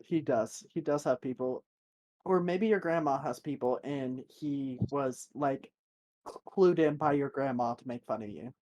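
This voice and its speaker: A man's voice: medium pitch, unhurried, dark tone, rough recording. A man who hides a Southern background, co-hosting a casual podcast chat in an easygoing way and laughing often. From Southern United States. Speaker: podcast co-host.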